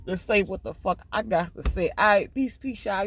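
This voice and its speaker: A man hosting a casual livestream, talking loudly and emphatically with lots of swearing. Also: sits high, moderate pace. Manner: loud, profane, emphatic. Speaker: livestream host.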